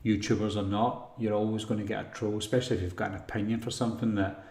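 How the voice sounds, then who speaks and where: Male host, lowish voice, rambling live chat reads, roomy echo. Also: fast talker. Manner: relaxed, rambling, frequent ums and throat clearing. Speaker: horror channel host answering live chat. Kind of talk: casual live stream Q&A.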